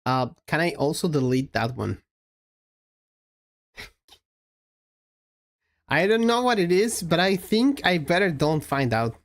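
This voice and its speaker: A giggly woman streams and chats casually with her viewers, often breaking into laughter. Her voice sits a little low but swings up and down as she talks. She takes her time, and her phrasing is non-native. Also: sing-song, slow, long pauses. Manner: giggly, laughs often while answering chat. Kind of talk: casual live-stream chat.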